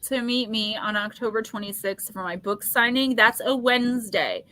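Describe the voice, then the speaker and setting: A woman in her forties hosting a casual live psychic stream, chatty and quick to laugh as she talks straight to her viewers. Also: on the high side, sharp tone, no echo. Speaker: psychic livestream host.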